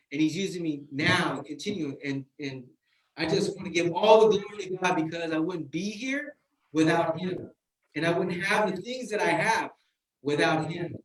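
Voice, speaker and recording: A man's voice: sits high, a bit bright. A man sharing his life story in casual testimony, exuberant, calling out friends and saying "man" constantly.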